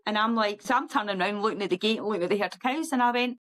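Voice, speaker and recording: Middle-aged woman guest, animated storyteller, jumps into a high singsong for quotes. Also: very fast, slight background noise, low-quality recording. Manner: lively, acts out quoted voices in a high sing-song. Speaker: guest ultra runner.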